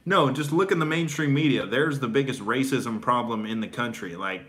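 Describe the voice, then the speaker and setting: A man's voice: medium pitch, normal speed, fairly bright tone. A stand-up comedian from Oklahoma chatting casually and profanely, laughing between his stories. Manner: loose and profane, laughs between thoughts, filler-heavy. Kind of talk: casual chat.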